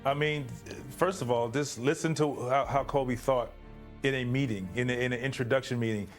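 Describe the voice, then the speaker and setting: A man's voice: medium pitch, fairly even intonation, moderate pace, faint music behind. A man, a former basketball player, giving a thoughtful interview answer.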